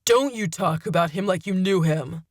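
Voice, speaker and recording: Deep slow cold demon guy, a lady putting him on, menacing, bitter about his son. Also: fairly even intonation, a little mellow, dry recording, studio quality. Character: cold vengeful male demon father.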